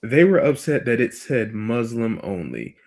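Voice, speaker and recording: A man's voice: mid-range voice, very animated, unhurried, a little mellow. A man hosting a podcast, talking bluntly in casual opinion chat and swearing freely. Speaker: podcast host.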